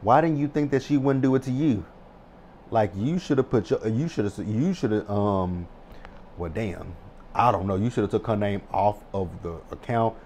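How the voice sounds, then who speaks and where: Guy in his 30s doing a show recap vlog, lowish voice, gets loud and hyped, cusses a lot. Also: normal speed, a little hiss or hum. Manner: animated, excitable, swears freely. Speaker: TV recap vlogger. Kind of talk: casual episode recap.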